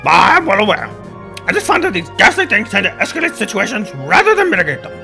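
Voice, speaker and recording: A man voicing a pompous, high-strung male rooster lawyer who speaks loudly and haughtily. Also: wildly swooping pitch, quick pace, gravelly, soft background music, exaggerated voice. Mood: haughty. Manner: loud, haughty, indignant.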